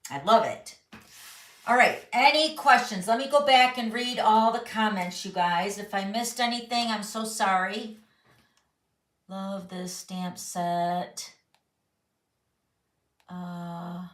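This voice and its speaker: In her home craft studio, this papercraft host runs a live chat, reading viewer comments out loud in a bubbly, casual, chatty way. Her voice sits in the mid range with a slight brightness, and the recording has a roomy sound.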